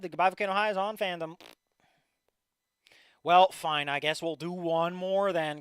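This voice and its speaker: A man's voice: fairly high pitch, normal speed, long pauses, a bit bright, smooth, no room sound. A man casually reading fan fiction aloud, with rambling, profane asides and a voice that is tiring. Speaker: story reader.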